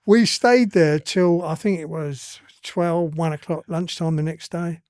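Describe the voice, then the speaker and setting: Higher-voiced older East London man. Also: steady tone, unhurried, darkish tone, no echo, clean studio sound. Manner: blunt and earthy, swears freely. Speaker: guest. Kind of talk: casual storytelling.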